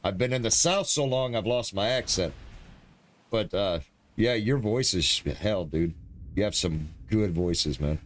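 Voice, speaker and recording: A man's voice: lowish voice, lively intonation, a little slow, slight background noise. A man from New York chatting casually and teasingly with a guest on a live game stream, easygoing and friendly. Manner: laid-back, friendly, teasing banter.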